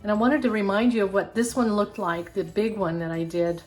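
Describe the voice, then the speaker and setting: A woman's voice: medium pitch, steady tone, fairly quick, darkish tone. An older woman hosting a casual craft tutorial, chatty and encouraging, with a self-deprecating streak. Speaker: craft channel host.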